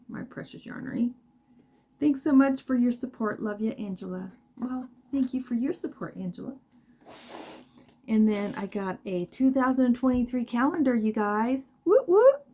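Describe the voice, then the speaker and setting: A woman's voice: mid-range voice, darkish tone, slight background noise. A woman crochet vlogger chatting casually as she unboxes yarn at home, gushing and talking straight to her viewers. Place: home craft room.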